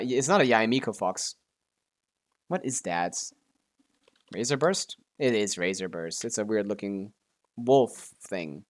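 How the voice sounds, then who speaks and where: A male streamer chatting casually while playing and guessing, mumbling, correcting himself, and swearing now and then. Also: mid-range voice. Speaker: game streamer.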